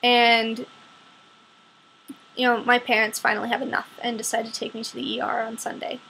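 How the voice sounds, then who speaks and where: A woman's voice: a little high, flat delivery, moderate pace, creaky, bright, forceful tone, a little hiss or hum, rough recording. A young woman telling a personal story in a candid, wry, casual way with lots of fillers. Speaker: vlogger.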